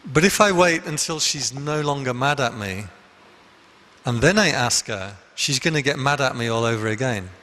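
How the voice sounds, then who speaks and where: A man's voice: medium pitch, expressive, normal speed, bright, forceful tone, in a large hall. A monk voicing his friend's father as a resigned middle-aged man giving dry advice in a sermon story. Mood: wry.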